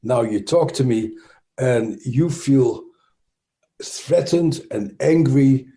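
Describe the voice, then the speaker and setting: Mellow-voiced Dutch-accented man explaining. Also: medium pitch, slow. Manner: thoughtful, with frequent restarts and fillers. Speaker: trauma expert guest. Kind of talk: explanatory interview talk.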